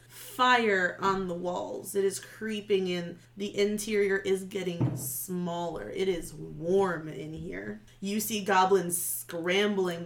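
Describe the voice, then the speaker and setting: A woman narrating as game master of a tabletop role-playing game, setting scenes briskly and calling for rolls. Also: mid-range voice. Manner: descriptive, brisk scene-setting with sudden shouted goblin lines.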